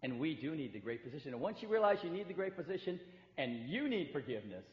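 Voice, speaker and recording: A man's voice: on the high side, very animated, quick pace. A man preaching a sermon in a large church hall, emphatic, acting out the voices of hurt believers. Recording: echoey hall, dull lo-fi sound.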